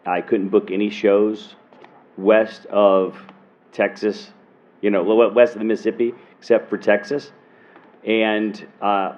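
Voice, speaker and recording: A man from Alabama, a magician on a panel, telling a story conversationally and restarting his words. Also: on the low side. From Alabama, USA. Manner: conversational storyteller, repeats words when starting. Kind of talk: panel discussion anecdote. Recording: dull convention panel audio.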